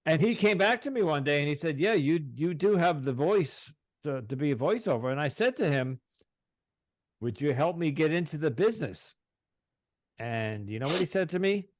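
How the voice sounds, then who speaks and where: Long Island-accented man, halting host. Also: on the high side, lively intonation, no echo. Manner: halting, many fillers and throat clearing. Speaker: podcast host. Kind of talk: interview.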